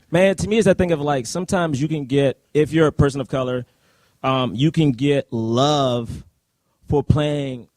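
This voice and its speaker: A man co-hosting a live podcast discussion of a film, talking in an animated, rambling way with many fillers and laughs. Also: medium pitch, measured pace, dry recording. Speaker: podcast co-host. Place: live event at a university.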